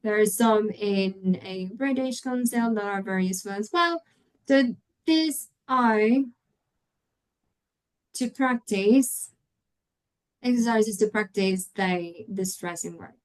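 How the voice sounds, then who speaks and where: Her voice is medium in pitch, slow, and broken by long pauses, captured on a rough recording. She's a Spanish-speaking English teacher trainer lecturing teachers by webinar, patiently modelling example words aloud and frequently adding tag questions to check in.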